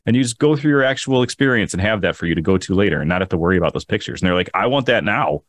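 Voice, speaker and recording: An enthusiastic man hosts a casual podcast, rambling through stories at a quick clip. His low voice swings widely in pitch. The sound is dry and close. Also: expressive, fairly bright tone, dry recording. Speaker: podcast host.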